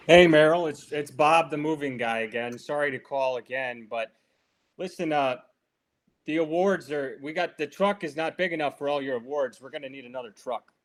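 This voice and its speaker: A man's voice: a little high, moderate pace, natural voice. A man improvising an apologetic mover leaving a hesitant phone message. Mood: sheepish. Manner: hesitant, sheepish. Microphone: video call.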